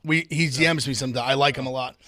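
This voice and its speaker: A man co-hosting a sports show, chatting quickly and enthusiastically. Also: mid-range voice, fairly even intonation, pushed and bright, dry recording, studio quality. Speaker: podcast co-host. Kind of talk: sports talk chat.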